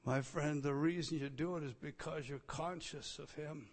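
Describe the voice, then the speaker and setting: Emphatic male preacher delivering a sermon, slightly high voice, recorded with long reverb in a big hall. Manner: emphatic, swings between loud declarations and quiet asides. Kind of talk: expository sermon.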